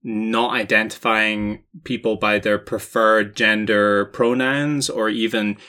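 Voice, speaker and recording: A man's voice: fairly low pitch, level tone, takes it slowly, sharp tone, clear, resonant tone. A young man co-hosting a casual podcast chat in a playful, joking way. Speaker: podcast co-host.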